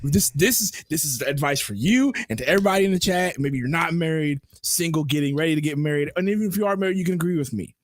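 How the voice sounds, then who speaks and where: A man's voice: a little high, fast, hardly any pauses. A young man co-hosting a podcast, lecturing his friend in an emphatic way and repeating himself for effect. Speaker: podcast co-host. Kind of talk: casual podcast banter.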